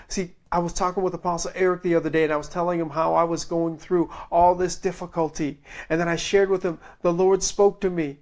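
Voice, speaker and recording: A high-voiced male preacher gives a sermon, telling stories with lively swings between loud and hushed delivery. When he reads scripture, his phrasing turns slow and drawn out.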